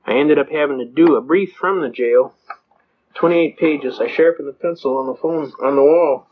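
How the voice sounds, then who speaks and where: A man's voice: on the high side, normal speed, a little hiss or hum. An older man speaking to an audience, folksy and storytelling, acting out the voices of people he quotes. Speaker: speaker on constitutional law. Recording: slightly dull lo-fi recording.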